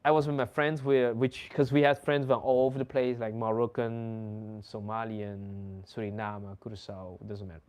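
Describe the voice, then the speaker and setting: He's a young man from the Netherlands with a voice on the low side, speaking at normal speed with hardly any pauses. As host of a casual chat, he tells stories in a lively way, swearing and laughing.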